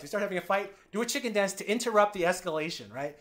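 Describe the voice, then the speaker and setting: Speaking fast with few pauses, a man gives candid personal stories as a podcast guest. He swings from loud, animated bursts to low, quiet passages, swears freely, and acts out the lines of other people.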